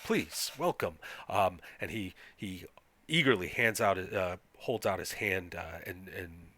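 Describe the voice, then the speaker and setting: A man's voice: deep voice, a little slow, sharp tone. A man narrating a tabletop game as game master, hesitant and full of fillers. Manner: hesitant, many fillers, reads aloud.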